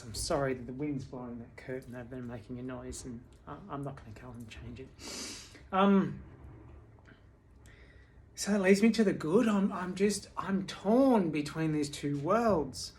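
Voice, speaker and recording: A tired woman speaking candidly at home in a personal video diary, halting, with many restarts and fillers. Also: low-pitched, darkish tone, a little hiss or hum. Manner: candid and confessional. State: tired from sleepless nights. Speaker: vlogger.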